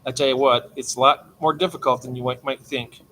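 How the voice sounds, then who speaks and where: The host, an older man, streams late at night from his aquarium room, chatting and welcoming chat members warmly by name. His mid-range voice is steady and a bit quick. The recording has a light hiss or hum.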